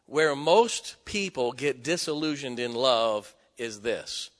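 A man's voice: mid-range voice, lively intonation, slow. A middle-aged man preaching a sermon, joking and folksy, with sudden emphatic rising bursts. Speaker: pastor. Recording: long hall reverb.

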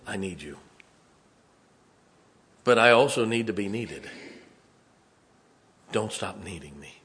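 A man in his fifties, a pastor preaching a sermon, telling a personal story and dropping to a hushed, emotional tone. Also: medium pitch.

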